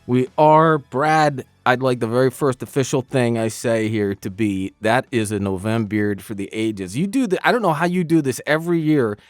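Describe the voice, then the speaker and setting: A man's voice: mid-range voice, normal speed, hardly any pauses, no echo. A man of fifty co-hosting a podcast in casual chat, joking and telling stories. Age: 50s. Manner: animated, joking storyteller. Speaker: podcast co-host.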